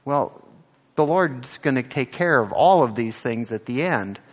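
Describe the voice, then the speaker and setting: There's a long reverb tail on this male pastor's animated sermon. Speaking a little slowly in a medium-pitched voice, he questions the congregation directly and surges to emphatic peaks whenever he quotes scripture.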